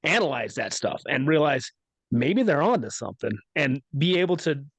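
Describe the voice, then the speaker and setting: A man's voice: a little high, very animated, moderate pace, slightly rough, no room sound. A man hosting a podcast, chatting casually and thinking aloud in long, loosely joined sentences. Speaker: podcast host.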